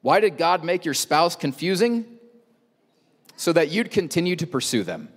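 A man's voice: on the high side, sing-song, normal speed, breathy edge. A male pastor preaching a sermon in a conversational way, with rhetorical questions and joking asides. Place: church auditorium. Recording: long church hall reverb.

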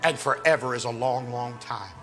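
A man preaching an impassioned revival sermon at a youth rally, pleading with his listeners and rising to shouts. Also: mid-range voice, normal speed. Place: church youth rally hall. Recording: long hall reverb, faint music.

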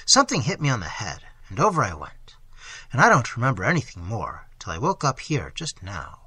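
A man voicing a wounded young British soldier who talks in plain, rough, common speech, telling his story in a vivid rush. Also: medium pitch, wildly swooping pitch, brisk, pushed and bright, no room sound, pitched below the performer's own voice, full character voice. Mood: excited.

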